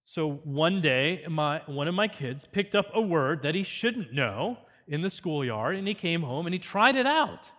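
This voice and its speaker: A man's voice: a little high, big pitch swings, measured pace, hardly any pauses, a bit bright, in a large hall. A man giving an earnest, teacherly parenting seminar with a faith focus.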